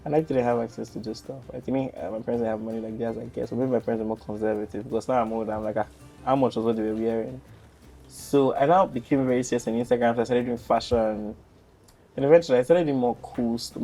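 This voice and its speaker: A young man in his twenties with a Nigerian accent, a podcast guest telling stories in a chatty, animated way. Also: medium pitch, quick pace, soft background music. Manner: animated, chatty, laughs easily. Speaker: podcast guest, content creator. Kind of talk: casual storytelling interview.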